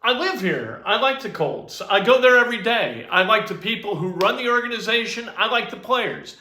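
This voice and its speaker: A man's voice: high voice, animated, normal speed, pushed and bright, reverberant. A man co-hosting a sports talk show, blunt and opinionated in casual chat.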